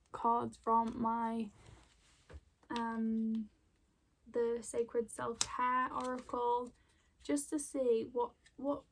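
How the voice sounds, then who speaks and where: A young woman giving an emotional oracle card reading at home, soft and rambling with many fillers. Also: fairly high pitch. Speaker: spiritual card reader. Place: home room with plants.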